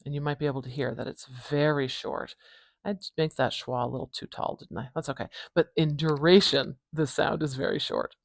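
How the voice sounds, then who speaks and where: A Canadian woman with an Atlantic Canadian accent, hosting a casual phonetics tutorial and repeating sounds slowly for the viewer. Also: deep voice, fairly even intonation, vocal fry, dry recording, clean studio sound. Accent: Atlantic Canadian English. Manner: chatty, demonstrates sounds slowly and repeats them. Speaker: phonetics teacher, channel host. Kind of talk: casual tutorial, writing while talking.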